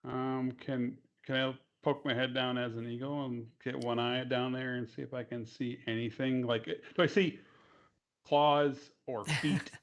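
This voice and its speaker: A man's voice: medium pitch, fairly even intonation, unhurried. Eager player man on a dull mic. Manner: eager, asks many questions. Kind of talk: casual tabletop play.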